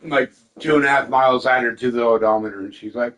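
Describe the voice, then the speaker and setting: A man's voice: medium pitch, fairly even intonation, fast talker, fairly bright tone, rough recording. A man telling stories in casual chat, swearing often and quoting family. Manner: emotional storytelling, swears, quotes others; eating while talking. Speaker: podcast host.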